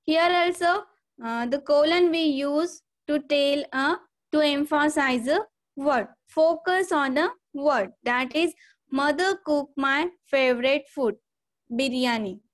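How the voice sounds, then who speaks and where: A woman's voice: high voice, takes it slowly. A woman teaching a grammar lesson, explaining step by step and saying "okay" again and again. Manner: repeats "okay" and "see here" often, explains step by step.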